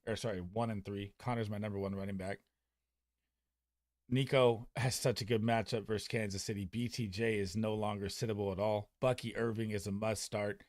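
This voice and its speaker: Profane, excitable young man, dry close sound. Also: lowish voice, dry recording. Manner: excitable, profane, talks fast and loose. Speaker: fantasy football streamer. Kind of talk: casual livestream chat.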